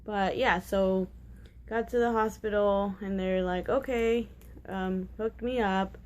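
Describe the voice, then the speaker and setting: A young woman in her twenties talks straight to her camera in a loose, chatty vlog. Her voice sits at a middling pitch, and she rambles with lots of "like" and "um" and frequent restarts. She is candid and a little giggly about awkward details. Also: steady tone, takes it slowly, a little mellow. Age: 20s. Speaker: vlogger. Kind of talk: casual storytelling vlog.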